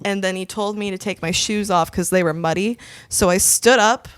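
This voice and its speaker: A woman's voice: medium pitch, moderate pace, clean tone. A young woman in her twenties, a podcast co-host, telling a story in casual chat, laughing often and swearing freely.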